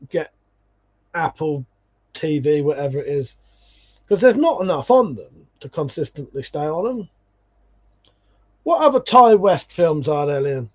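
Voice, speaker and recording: Man, livestream host, casual chat, swears, says mate, a bit high, muffled lo-fi sound. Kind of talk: casual chat reading viewer comments.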